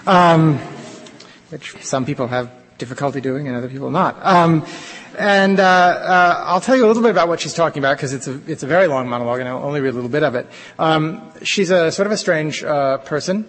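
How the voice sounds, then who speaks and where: A man with a slightly raised voice speaks haltingly to an audience, breaking his sentences with ums and uhs and dry self-deprecating asides. Long reverb from a large lecture hall carries every word. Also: fairly high pitch, a bit bright. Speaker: playwright reading his own work. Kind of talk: informal introduction before a reading.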